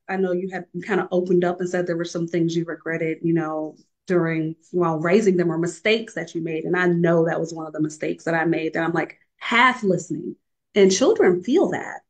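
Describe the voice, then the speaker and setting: Reflective, low-voiced middle-aged woman. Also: poor audio. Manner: reflective, candid sharing. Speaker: panelist at a faith-based women's summit. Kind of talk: conversational panel discussion.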